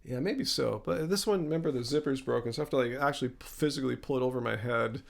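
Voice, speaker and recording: A man hosting a casual live stream Q&A, reading viewer comments aloud in a relaxed way and sneezing now and then. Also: medium pitch, fast talker, vocal fry.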